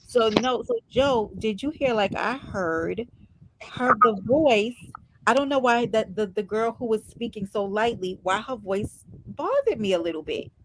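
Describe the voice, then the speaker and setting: A middle-aged woman hosting a casual live stream chat, calm and soft-spoken, greeting viewers one by one. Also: on the high side, moderate pace.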